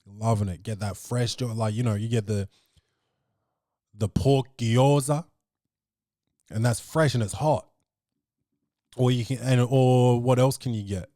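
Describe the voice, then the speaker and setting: A man hosting a comedy podcast, telling a story in an animated, ranting way full of swearing. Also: medium pitch, a little slow, long pauses, no room sound, studio quality. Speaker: podcast host. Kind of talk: comic storytelling.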